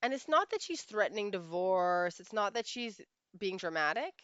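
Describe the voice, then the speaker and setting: A woman's voice: medium pitch, very animated, moderate pace, fairly bright tone, smooth, dry recording, muffled recording. A woman life coach telling a story in a monologue, emphatic and repeating phrases for weight.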